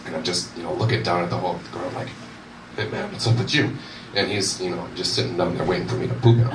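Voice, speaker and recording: A man's voice: deep voice, level tone, rapid-fire. A young man telling a rambling, self-deprecating stand-up story at a university comedy night. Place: university event room with audience. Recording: roomy echo, distant mic, audience noise.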